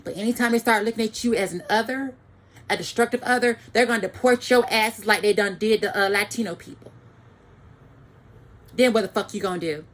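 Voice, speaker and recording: A woman's voice: mid-range voice, fairly quick. A woman giving an angry, profane ranting monologue to the camera, repeating phrases for emphasis.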